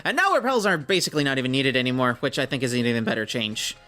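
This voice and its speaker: A young man from Minnesota talks casually over his game, his voice slightly hoarse. He reads the game's lines aloud in playful put-on voices. Faint music plays underneath. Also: mid-range voice, expressive, racing, bright, forceful tone. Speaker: let's-play host. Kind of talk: casual gameplay commentary.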